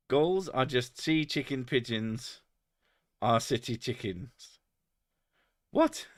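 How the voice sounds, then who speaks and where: A man chats with his stream and swears freely, laughing at his own crude jokes. His voice sits at a middle pitch. It comes through a close mic in a dry room. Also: a bit bright, no echo. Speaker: streamer reading chat. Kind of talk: casual live-stream chat.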